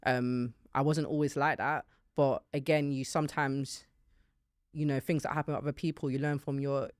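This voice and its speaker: A young woman with a low, soft-spoken voice co-hosts a casual podcast chat. She talks reflectively and often trails off mid-thought. The recording is dry and close. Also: fairly even intonation, normal speed, dry recording. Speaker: podcast co-host.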